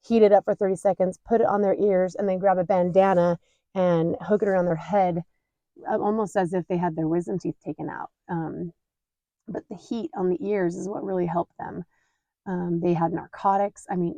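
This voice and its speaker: A woman in her thirties hosting a podcast, telling a family story in a candid, animated way and laughing at her own mishaps. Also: on the low side, no room sound. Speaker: podcast host. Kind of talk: casual storytelling.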